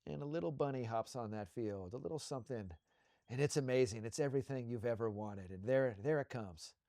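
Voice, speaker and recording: A man co-hosting a show, leading a slow guided visualization with soothing, repetitive coaching cues. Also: mid-range voice, gravelly, warm tone, no echo, clean studio sound.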